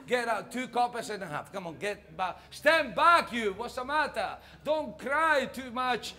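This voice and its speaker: A man's voice: sits high, expressive, fairly quick, fairly bright tone. A man playing a greedy, grumpy cemetery caretaker who scolds and shoos people away in a comic monologue. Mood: scolding.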